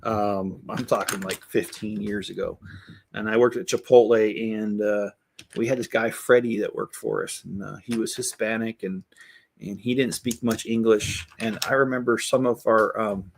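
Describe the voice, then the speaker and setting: Building Lego and talking it through, this middle-aged channel host speaks in a low, gravelly voice with a steady tone and moderate pace. The chat is casual and frank, full of restarts and side comments, and there's a faint hiss or hum underneath.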